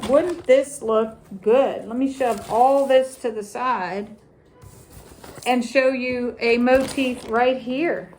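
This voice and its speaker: A middle-aged crafting vlogger with a high voice leads a tutorial at an unhurried pace. Talking casually and deliberately, she repeats phrases while holding up ribbons and ornaments.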